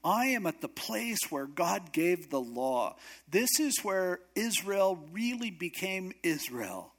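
A man's voice: on the high side, animated, normal speed, a bit bright. A man voicing the prophet Elijah as an exasperated, fed-up complainer in a sermon retelling.

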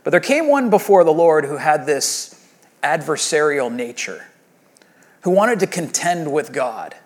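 A male pastor preaching in an easy, talky way, slipping into little voiced quotes as he retells the story. His voice sits a touch higher than most men's. He sounds like he is chatting with his congregation more than lecturing them. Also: sing-song, a little slow. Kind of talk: sermon.

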